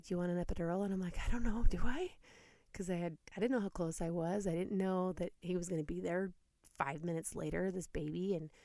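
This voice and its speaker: A woman's voice: on the low side, vocal fry, warm tone, no room sound, clean studio sound. A woman in her thirties hosting a podcast, talking earnestly and emotionally about hard times, sometimes dropping to a near whisper. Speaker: podcast host. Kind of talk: personal reflective monologue.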